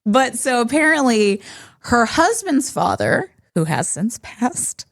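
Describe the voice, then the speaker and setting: A woman co-hosting a podcast, telling a homeowner's story in casual chat, animated and quick to laugh when stressed. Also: fairly high pitch, gravelly. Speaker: podcast co-host.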